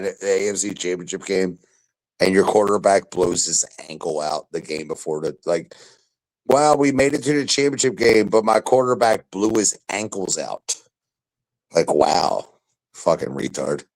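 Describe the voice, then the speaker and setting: A young man in casual chat, ranting loudly and profanely about football. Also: on the low side, low-quality recording. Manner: loud, profane football rants. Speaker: podcast panelist.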